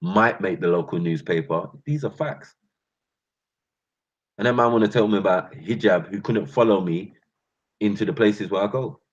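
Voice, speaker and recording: A man with a London accent gives a heated, slang-heavy rant, his voice low and husky. The sound is muffled and lo-fi, and he keeps calling out to his listeners as bruv and fam. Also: moderate pace, long pauses. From England. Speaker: channel host.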